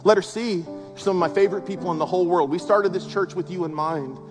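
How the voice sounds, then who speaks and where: Male pastor, high voice, conversational but emphatic sermon delivery, big echoing church hall. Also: fast talker. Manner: conversational, emphatic preaching with rhetorical questions. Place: large church auditorium. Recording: long hall reverb with faint music.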